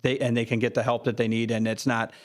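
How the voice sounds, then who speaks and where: A man's voice: medium pitch, little pitch movement, fast talker. Chatty questioning man on a radio show. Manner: chatty, questioning, laughs easily. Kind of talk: radio talk show conversation. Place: radio studio.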